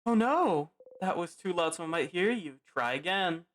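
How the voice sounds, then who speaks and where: A streamer playing a story game at home, reading the text aloud and thinking out loud with hesitant restarts and murmured reactions, recorded on a desk microphone. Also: mid-range voice, a little fast, slight background noise. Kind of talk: casual let's-play commentary, reading game text aloud. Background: faint game music.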